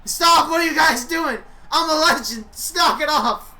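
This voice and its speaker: A woman voicing a whiny, desperate male wrestler who pleads and shouts at the crowd. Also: high voice, unhurried.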